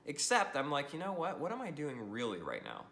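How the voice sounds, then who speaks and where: An animated man gives a high-energy social media training talk to camera, laughing a lot and capping lines with "right?". His voice runs slightly high and slightly fast with a creaky edge, in a reverberant room with a touch of hiss or hum.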